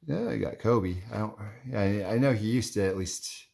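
Deep-voiced guy rambling through his card collection, lots of likes and anyways, super casual. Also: moderate pace, vocal fry, mellow. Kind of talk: casual running commentary while flipping through cards.

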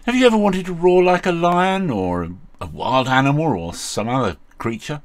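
A man's voice: a little high, normal speed. A man hosting a casual how-to tutorial, talking in a rambling, chatty way with many fillers. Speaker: video host.

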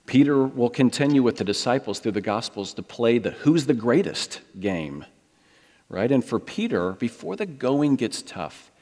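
A man's voice: mid-range voice, darkish tone. A middle-aged American man preaching a sermon, storytelling and acting out the voices he quotes. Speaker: pastor. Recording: long hall reverb.

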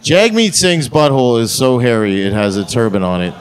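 A man's voice: mid-range voice, sing-song, brisk, very noisy. Brash crude male stand-up comic. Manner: crude, brash punchline delivery. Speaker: stand-up comedian. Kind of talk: stand-up comedy set. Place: theatre stage.

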